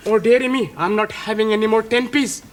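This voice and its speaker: An actor playing an excitable male student who gambles and speaks broken English, overusing "-ing" forms, in a studio sitcom. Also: sits high, brisk, close to an everyday voice. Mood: fretful. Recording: hissy old TV sitcom recording.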